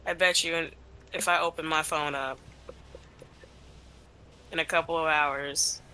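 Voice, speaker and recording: A woman's voice: low-pitched, fairly even intonation, a little slow, pushed and bright, clear, resonant tone, rough recording. A woman chatting casually while playing a game, with dry, laughing reactions. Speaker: co-host. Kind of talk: casual chat while gaming.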